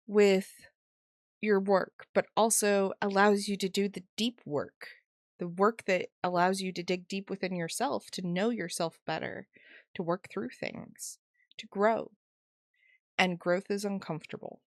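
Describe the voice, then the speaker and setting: A woman co-hosting a podcast in loose, friendly chat, playful and quick to poke fun at herself. Her pitch sits in an ordinary middle range. The sound is close and dry, with no room around it. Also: no room sound. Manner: playful, self-mocking, laughs often. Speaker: podcast co-host. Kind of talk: casual chat.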